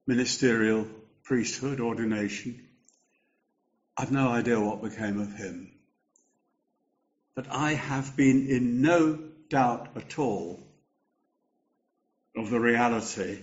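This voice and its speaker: An older man preaching a sermon, slow and measured, lifting his voice for emphasis. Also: mid-range voice, muffled recording.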